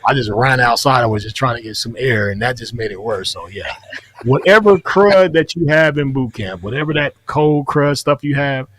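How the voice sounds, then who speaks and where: A man's voice: medium pitch, normal speed. A man co-hosting a veterans' podcast, telling a story in casual chat and acting out the voices in it. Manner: animated, acts out voices in his story.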